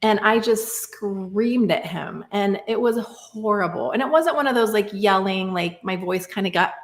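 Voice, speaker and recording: A woman in her thirties talks through a personal story in a reflective, casual podcast conversation. She often stops to check in with "right?" and fills gaps with "like." Her voice sits in a middling pitch and rings a little in a roomy space. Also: measured pace. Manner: reflective, many fillers like "like" and "right?". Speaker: podcast guest.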